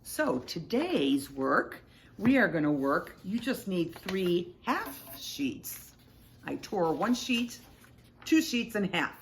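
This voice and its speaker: A woman teacher reading a picture book aloud to children and explaining the story in an expressive, patient way. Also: lowish voice, slow, a little hiss or hum.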